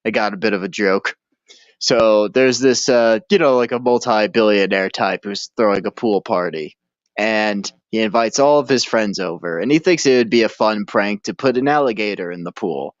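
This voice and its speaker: A man's voice: lowish voice, normal speed, dry recording. A man co-hosting a casual podcast, laid-back and rambling, laughing often as he tells stories. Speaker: podcast co-host. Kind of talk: casual chat. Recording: dull, dry recording.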